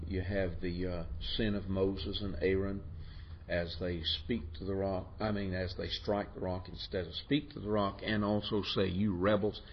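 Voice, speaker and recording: Halting male teacher, lowish voice, muffled lo-fi classroom tape, faint room hiss. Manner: halting, repeats words, asks the class questions. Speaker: Bible teacher. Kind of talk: classroom lecture.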